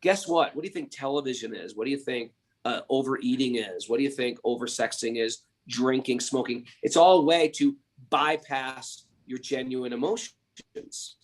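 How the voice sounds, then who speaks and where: Animated man telling spiritual stories. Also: medium pitch, moderate pace. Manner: animated, emphatic, rhetorical questions. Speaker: podcast host. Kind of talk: spiritual storytelling and teaching.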